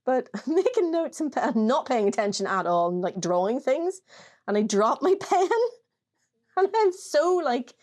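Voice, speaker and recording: A woman co-hosting a casual chat show with an Irish accent, telling animated stories, swearing and laughing often. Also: high-pitched, normal speed. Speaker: podcast co-host.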